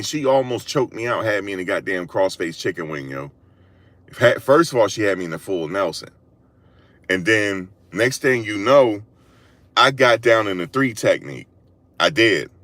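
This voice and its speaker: Man, deep-ish voice, slangy storyteller, animated and repetitive, recorded on a phone in a car. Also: dry recording. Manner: animated, slangy, repeats himself, laughs a lot. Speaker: vlogger. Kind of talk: storytelling monologue. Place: in a parked car.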